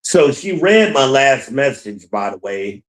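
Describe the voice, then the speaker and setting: A man's voice: mid-range voice, sing-song, unhurried, rough recording. A man hosting his own podcast, talking casually and bluntly on his own, venting with profanity and repeating his points. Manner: rambling, repeats himself. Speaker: podcast host. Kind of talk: casual solo monologue.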